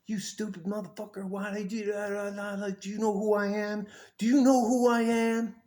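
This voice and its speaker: A man mimicking a belligerent woman stranger who shouts and curses at him. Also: level tone, very slow, full character voice. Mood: enraged. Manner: shrill shouting, cursing.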